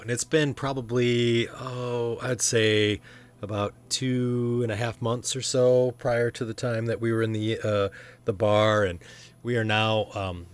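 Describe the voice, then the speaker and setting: A man's voice: fairly low pitch, fairly bright tone. A man narrating a tabletop game as game master, rambling with many ums and restarts.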